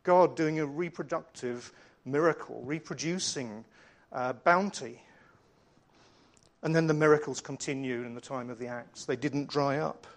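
A man's voice: medium pitch, unhurried. A middle-aged man preaching a sermon with slides, earnest and conversational as he tells stories.

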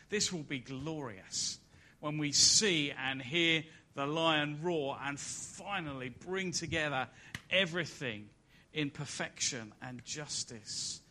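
Male preacher, church sermon; bright, slightly high voice, dramatic swings between loud and hushed. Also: slow. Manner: swells to loud emphatic peaks, then drops soft and low. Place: church service.

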